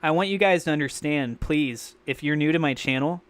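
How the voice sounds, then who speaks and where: A man hosting a crypto livestream, rambling and thinking out loud in an excitable way. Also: fairly high pitch, brisk. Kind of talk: live-streamed crypto commentary.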